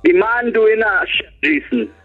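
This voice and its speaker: A man's voice: sits high, measured pace, creaky, faint music behind. A man co-hosting a bawdy comedy radio show, telling stories and acting out his callers. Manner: animated storyteller acting out callers. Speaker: radio co-host. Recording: narrow phone-like radio sound.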